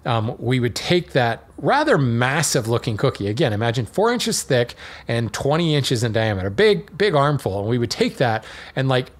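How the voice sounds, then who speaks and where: A man's voice: mid-range voice, big pitch swings, moderate pace. A man hosting a podcast, explaining a topic in a chatty, digressive monologue with fillers and small laughs. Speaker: podcast host.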